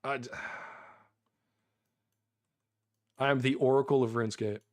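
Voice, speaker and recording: An American man streaming a game live, excitable and chatty, repeating himself and laughing often. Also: mid-range voice, very slow.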